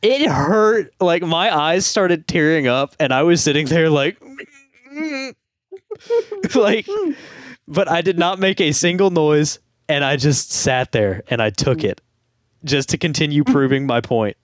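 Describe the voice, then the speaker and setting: A man's voice: fairly high pitch, moderate pace, dry recording, studio quality. A young man co-hosting a podcast, telling a rambling story in casual chat and laughing through it. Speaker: podcast co-host.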